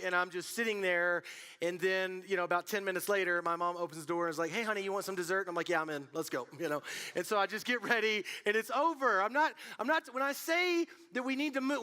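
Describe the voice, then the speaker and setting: High, bright-voiced young male youth pastor. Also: clear, resonant tone. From Colorado. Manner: casual, animated storytelling with many fillers. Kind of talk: youth sermon.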